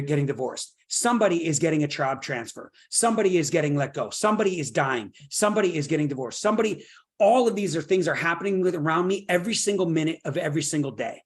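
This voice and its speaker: Energetic and motivational, a middle-aged man with a voice on the high side teaches a real estate workshop. He builds his points through long, stacked-up repeated phrases and keeps checking in with "right?"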